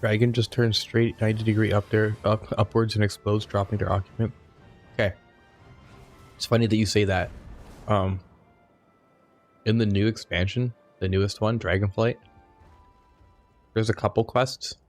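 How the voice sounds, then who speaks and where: A young man streams a game and chats casually. His voice sits a little low. He fills his commentary with crude, profane jokes and easy banter. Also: level tone, normal speed, pauses often, faint music behind.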